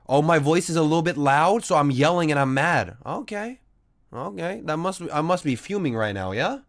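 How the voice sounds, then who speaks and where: A man's voice: on the high side, expressive, moderate pace. A man streaming a game, chatting casually with a sarcastic, teasing manner and frequent swearing. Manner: sarcastic, teasing, mock-arguing with chat.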